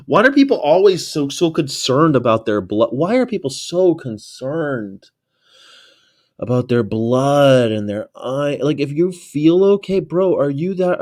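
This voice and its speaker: A man hosting a reaction video, casual, profane and mocking, rambling from one thought to the next. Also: fairly high pitch.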